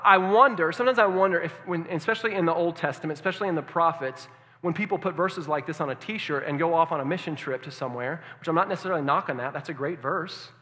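Male pastor, sermon, bright forceful voice, hushed to loud swings, long hall reverb. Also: fairly high pitch. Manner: engaging, asks the congregation questions.

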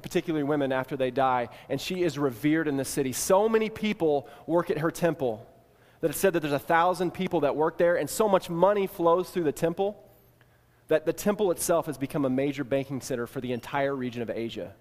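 A man preaching a sermon, retelling an ancient scene in the second person and shifting between hushed and emphatic delivery. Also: on the high side, brisk. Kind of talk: sermon storytelling. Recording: long hall reverb.

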